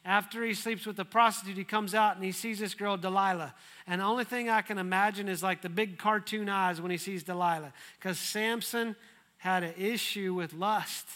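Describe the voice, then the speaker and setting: A man preaching a sermon, telling the story in a lively, humorous way. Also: high-pitched, moderate pace. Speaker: pastor.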